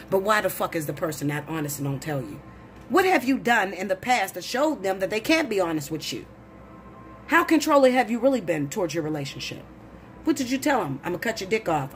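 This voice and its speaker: Blunt, profane woman ranting, voice leaping high. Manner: blunt, profane, preachy, rising to shouts. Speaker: tarot reader. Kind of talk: heated monologue to camera.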